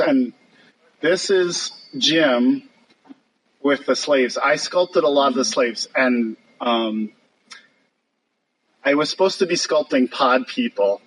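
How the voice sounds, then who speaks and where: An older man, a puppet sculptor, telling lively anecdotes over slides with a husky voice, mimicking others and laughing often. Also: mid-range voice, low-quality recording.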